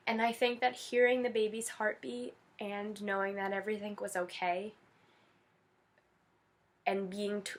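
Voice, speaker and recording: A young woman in her twenties, a vlogger with a medium-pitched, slightly bright voice, chats casually to camera. Teary and gushing, she speaks emotionally and packs in lots of fillers.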